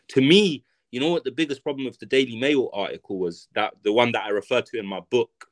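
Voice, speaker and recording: A man's voice: medium pitch, fast talker, hardly any pauses, a bit bright, no room sound. A man with a London accent, a guest author talking in a casual podcast conversation, ranting in a blunt, emphatic and profane way.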